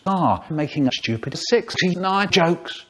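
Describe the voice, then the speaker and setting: A man's voice: on the high side, lively intonation, slow pace, a bit bright. A man in his sixties telling a story in a dramatic, exaggerated way. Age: 60s. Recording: recording with clear background noise.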